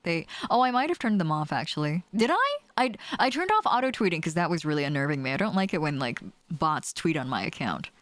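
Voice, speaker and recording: Young woman streamer, lowish voice, very expressive, dry close desk mic. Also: fast talker, no echo. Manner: animated, swears casually, laughs often, reads chat aloud. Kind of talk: casual chat with live chat while gaming. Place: small home room with doors closed.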